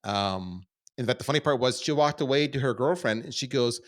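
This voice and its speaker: Middle-aged canadian guy on a podcast, self-deprecating, goes from quiet to loud. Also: medium pitch, brisk. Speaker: podcast guest. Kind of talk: candid conversational storytelling.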